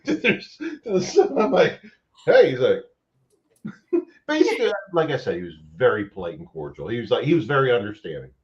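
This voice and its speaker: Guy telling a story all over the place pitch-wise, cussing, dull lo-fi sound. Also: moderate pace. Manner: animated storyteller, swears freely. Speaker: paranormal investigator host. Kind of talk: casual chat.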